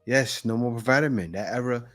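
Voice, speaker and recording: A man's voice: mid-range voice, fairly quick, soft background music. A man hosting a reaction video, commenting casually on clips, laughing and repeating phrases.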